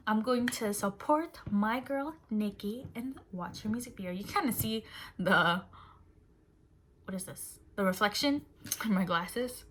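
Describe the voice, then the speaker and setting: A young woman talking casually as she reacts to a music video, chatty and quick to exclaim at what she sees. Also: on the low side, fairly bright tone, husky. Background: faint music from the video.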